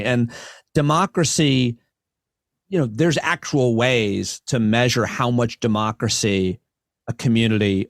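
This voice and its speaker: A man, a comic and podcast host, talking as a guest on a casual podcast and building long, earnest arguments in quick bursts. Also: on the low side, no echo, clean studio sound.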